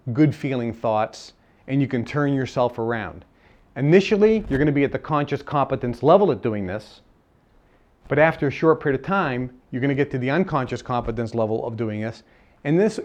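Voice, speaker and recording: A man giving a live seminar lecture, emphatic and repeating his key phrases, sometimes acting out bits of dialogue. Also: mid-range voice. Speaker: seminar speaker.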